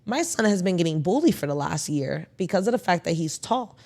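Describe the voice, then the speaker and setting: A woman in her thirties telling a story in a casual podcast chat, animated and blunt, swearing freely. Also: fairly low pitch, brisk. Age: 30s. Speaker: podcast co-host.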